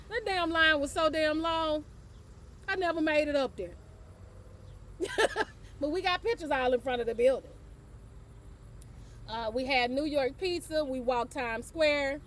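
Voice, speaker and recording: A woman's voice: high voice, a little slow, long pauses, a bit bright, a little hiss or hum. A middle-aged woman hosting her own show, telling a casual story, laughing often and swearing offhandedly. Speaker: host.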